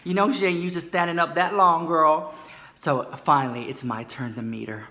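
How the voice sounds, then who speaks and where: A man spilling beauty-world gossip in a campy, theatrical way. His voice is bright and forceful, and he keeps calling the listener "girl.". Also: fairly high pitch, steady tone, normal speed. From United States. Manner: sassy, dramatic, calls viewers "girl" constantly. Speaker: comedy vlogger.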